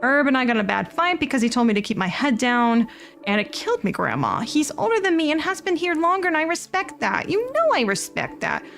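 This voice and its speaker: An earnest, fretful young man, voiced by a woman in her own fairly high register, rambles through his worries. His pitch swings widely. Quiet game music sits in the background. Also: big pitch swings, a little fast, vocal fry, heavily acted. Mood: frustrated.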